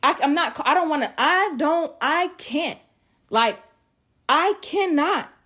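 A woman's voice: high-pitched, expressive, slow pace, sharp tone. A tearful woman in a profane, repetitive vlog rant, swinging between shock and defiance after days of crying. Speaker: social media creator.

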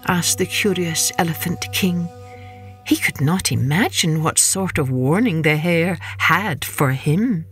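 A woman telling stories for children, reading in a gentle, expressive and unhurried way as host. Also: on the low side, breathy edge, faint music behind. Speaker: children's storyteller. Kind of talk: children's storytelling.

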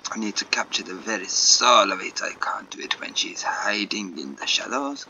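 A man's voice: lowish voice, expressive, normal speed, sharp tone, in a whisper, low-quality recording. A man putting on a haughty painter with a mock French accent. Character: fussy eccentric male painter, proud.

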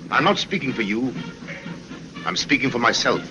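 An actor playing a stern, commanding older brother who speaks in a firm, clipped way, in 1930s film acting on an old soundtrack with music. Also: male voice, medium pitch, sing-song, normal speed, lightly acted, low-quality recording.

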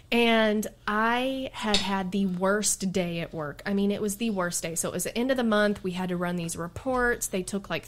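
Animated woman telling stories with laughs. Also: medium pitch. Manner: animated, laughs often, quotes herself and others in stories. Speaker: podcast guest and radio show host. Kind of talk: casual storytelling chat.

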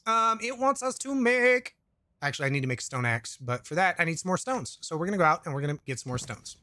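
A man's voice: a little high, animated, fast talker, sharp tone, no room sound. A man doing casual let's-play commentary into a desk mic, rambling with jokey asides, swearing and reading chat aloud. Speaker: gaming YouTuber. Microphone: desk microphone.

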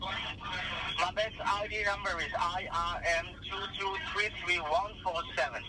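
A man's voice: sits high, fairly even intonation, measured pace, a crowd in the background. A man with an Indian accent on a phone call, speaking in an insistent, officious, scripted tone. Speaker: phone scam caller. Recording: noisy phone line.

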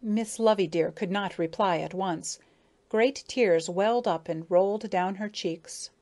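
A woman narrating an audiobook of a children's story in a calm, even storytelling manner. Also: mid-range voice, a little slow.

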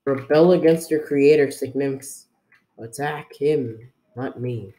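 Slow, low-toned gaming guy with put-on accent. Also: mellow. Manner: rambling, jokey, talks to viewers while playing; put-on unplaced accent for fun. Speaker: gaming video creator. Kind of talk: casual gameplay commentary.

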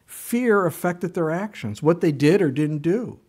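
A pastor preaching a sermon, a man telling stories with animated delivery and asking the congregation rhetorical questions. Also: on the high side, unhurried, husky.

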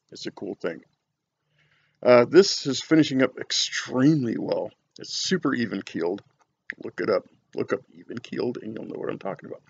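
Gravelly-voiced man rambling on a vlog. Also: medium pitch, muffled recording. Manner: rambling, folksy storytelling with many fillers. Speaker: cigar reviewer. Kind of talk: casual vlog chat.

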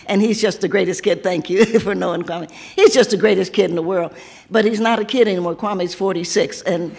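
A seventy-year-old woman from Tennessee, hoarse from losing her voice, reading a poem and then chatting with laughing asides. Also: mid-range voice, a little fast, darkish tone. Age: 70s. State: hoarse, lost voice. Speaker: author. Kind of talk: poetry reading then casual talk.

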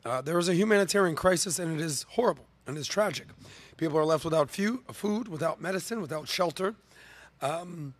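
A man's voice: a little high, a bit bright, no room sound. A man hosting a podcast, giving emphatic opinion commentary with rhetorical questions and the odd cough. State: coughing, throat clearing. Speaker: podcast host. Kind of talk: opinion commentary, talking to camera and co-host.

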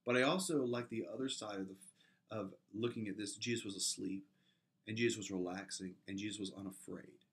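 A man's voice: on the low side, steady tone, fairly quick. A man preaching an earnest sermon as a pastor, building to emphatic peaks and often restarting his words.

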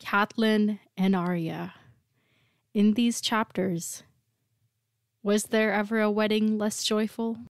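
A podcast co-host talking casually over a remote mic, supportive and quick to laugh. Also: medium pitch, level tone, gravelly, no echo, studio quality.

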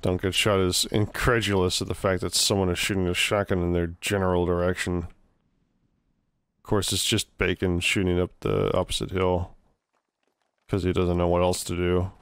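Wry low-voiced male game caster. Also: little pitch movement, moderate pace, clean tone, no echo. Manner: wry, dry-humored. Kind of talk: live gameplay commentary.

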